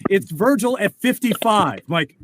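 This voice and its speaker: A man's voice: high-pitched, sing-song, moderate pace, background noise. A man voice actor chatting casually on a video call, shifting his voice playfully. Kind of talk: casual chat.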